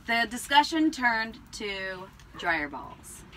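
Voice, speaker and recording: A woman co-hosting a casual farm podcast, chatty and quick to laugh while telling stories. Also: fairly high pitch, very animated, background noise. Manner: chatty, laughs often, storytelling. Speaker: podcast co-host, alpaca farmer. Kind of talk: casual chat.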